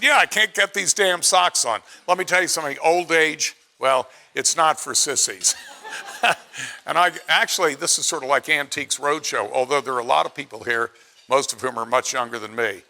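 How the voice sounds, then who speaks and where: A man's voice: a little high, creaky, sharp tone. A man in his late seventies from Pennsylvania giving a chatty, self-deprecating after-dinner speech and acting out quotes in his stories. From Pennsylvania, USA. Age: 70s.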